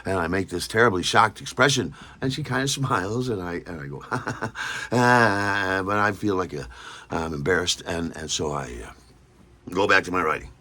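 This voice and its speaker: A man tells a story in a casual, animated way, stumbling over repeated words and acting out other people's lines. His voice sits low but sounds bright and forward, and it swings widely in pitch. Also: normal speed. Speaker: podcast host.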